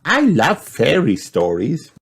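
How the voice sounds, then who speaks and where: A man's voice: on the high side, huge pitch swings, takes it slowly, vocal fry, slightly rough, faint music behind, pitched above the performer's own voice, heavily acted. A man doing a curious little wolf girl. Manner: eager, wide-eyed.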